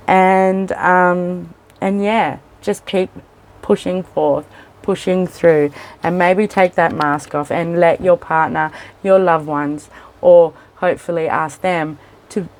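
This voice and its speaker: Low-voiced woman giving a rambling tarot reading. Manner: rambling, self-interrupting, openly emotional. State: teary. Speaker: tarot reader. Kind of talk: casual tarot reading monologue. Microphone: camera in front of a seated speaker.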